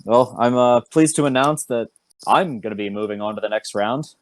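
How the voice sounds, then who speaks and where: A man's voice: medium pitch, normal speed, dry recording, close to an everyday voice. A man voicing a folksy, big-bellied male half-orc emcee in a tabletop game, speaking with a drawl.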